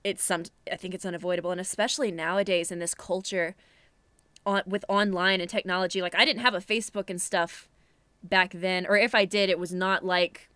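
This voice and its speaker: Young woman, podcast co-host, lowish smooth voice, dry close sound, candid reflective chat. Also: steady tone, a little fast, pushed and bright, no room sound. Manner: candid, reflective, casual with mild swearing.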